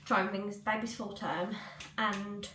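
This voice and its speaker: A woman's voice: medium pitch, level tone, takes it slowly, a bit bright, reverberant, distant mic. A young woman vlogging in casual chat at home, rambling, with lots of likes and ums. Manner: chatty, rambling, many fillers. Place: cluttered home room.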